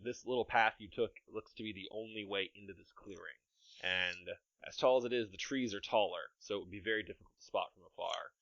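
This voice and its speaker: A man's voice: lowish voice, brisk, a bit bright, no room sound, lo-fi sound. Male game master describing a scene. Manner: descriptive, amused, laughs often. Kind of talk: narrating a tabletop game.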